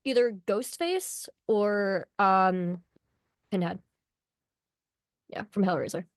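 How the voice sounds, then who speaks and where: A woman's voice: mid-range voice, slow, no echo, clean studio sound. A young woman being interviewed on a podcast, chatting casually and giggling, with lots of "like" in her talk. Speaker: podcast guest, voice actress.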